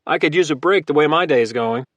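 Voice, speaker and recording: A man voicing a calm, calculating former Marine who talks in a friendly, easygoing way. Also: on the high side, brisk, no echo, voice pushed up, lightly acted. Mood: casual. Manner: casual and friendly, turning hard.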